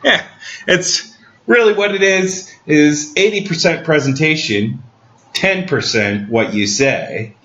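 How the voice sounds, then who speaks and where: Comedy podcast host, male, bright forceful tone, dry mock-serious delivery, slightly dull lo-fi sound. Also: a little high, slow. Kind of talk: deadpan comedic monologue.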